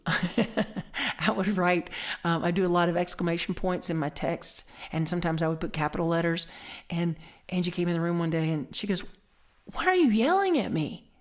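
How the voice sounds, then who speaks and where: Woman, minister, sermon, slightly low voice, conversational, animated storytelling, soft whispers. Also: moderate pace.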